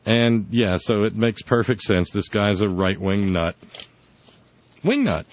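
On his laid-back political talk show, this podcast host speaks a little slowly in a low, expressive voice. He's sardonic and meandering, frequently starting over, and the audio sounds dull, lo-fi, and dry.

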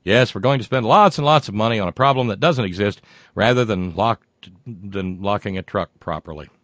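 Older american guy reading listener letters, lowish voice, dry sound, jokey asides. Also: normal speed, a bit bright, no room sound. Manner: wry, digressive, reads letters aloud with asides. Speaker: show host reading listener mail. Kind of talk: casual talk show.

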